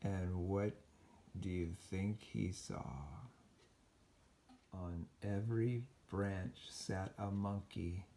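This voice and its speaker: A man reading a children's picture book aloud as a storyteller, slow and expressive. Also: sits low, a little hiss or hum.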